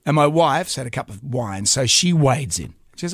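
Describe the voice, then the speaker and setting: A middle-aged man, hosting a radio show and telling stories in a lively, mock-indignant way. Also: mid-range voice, normal speed, no room sound, clean studio sound. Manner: animated storyteller, mock-indignant. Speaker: radio host. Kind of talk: casual radio chat. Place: radio studio. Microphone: studio microphone.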